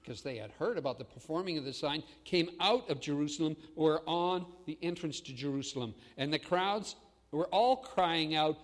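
A man preaching a sermon as pastor, swinging between loud proclamation and hushed asides. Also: fairly high pitch, normal speed, long reverb tail.

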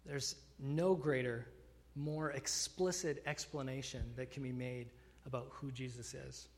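A man's voice: medium pitch, fairly even intonation, measured pace. A man preaching a sermon, earnest and emphatic, often restarting phrases with fillers. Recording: long hall reverb.

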